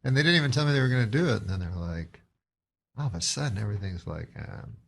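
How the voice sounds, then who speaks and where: A man's voice: on the low side, animated, fast talker, vocal fry. Dry, rambling Canadian man. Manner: dry, meandering delivery with chuckles and hesitations. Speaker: guest comedian. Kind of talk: rambling anecdotal storytelling.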